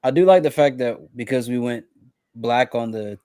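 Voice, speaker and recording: A man co-hosting a casual product recap, relaxed and agreeable, adding short comments. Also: medium pitch, normal speed, clean tone, no room sound, clean studio sound. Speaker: co-host.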